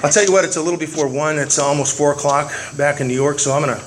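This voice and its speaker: A man voicing a calm, polite male friend, measured and quiet, in a lower voice than his own. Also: slight background noise, lightly acted.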